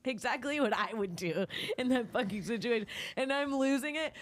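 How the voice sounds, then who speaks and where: A woman's voice: fairly high pitch, expressive, normal speed, few pauses. A young adult woman comedian telling a heated, foul-mouthed story on a podcast, often laughing. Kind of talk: animated storytelling. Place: podcast studio.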